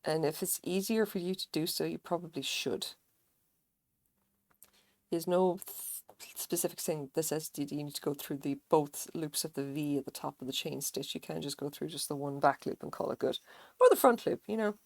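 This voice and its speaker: A woman's voice: low-pitched, fairly even intonation, moderate pace, vocal fry, darkish tone, dry recording. A woman livestreaming her crochet work, chatting casually, swearing now and then, and muttering pattern notes to herself. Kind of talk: casual live-stream chat while crocheting.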